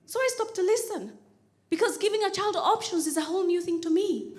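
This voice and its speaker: On a comedy stage before a live audience, a Kenyan woman performs stand-up, laughing often and acting out characters in squealing voices. Her very high, slightly mellow voice moves fast with lively intonation.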